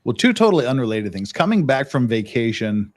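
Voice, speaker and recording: A man's voice: medium pitch, big pitch swings, fairly quick. A middle-aged man from the United States who hosts a casual chat, talking bluntly with plenty of swearing and acting out other people's rants. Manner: blunt and profane, acts out quoted rants. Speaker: podcast host.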